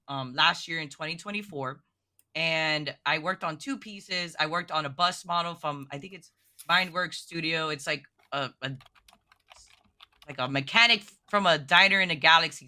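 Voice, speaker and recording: This woman, a guest miniature painter on a podcast, has a deep voice and speaks at a moderate pace. Her casual chat is emotional and excitable, packed with "like" fillers.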